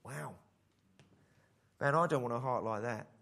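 A man preaching a sermon in an animated style, acting out the voices in the story. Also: medium pitch, a little slow, gravelly. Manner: animated preaching, acts out the father's voice. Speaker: pastor.

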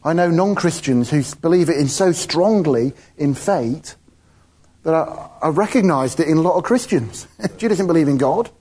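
A man's voice: fairly high pitch, moderate pace, warm tone, breathy edge. A man giving an informal, chatty sermon, often laughing between his points. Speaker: preacher.

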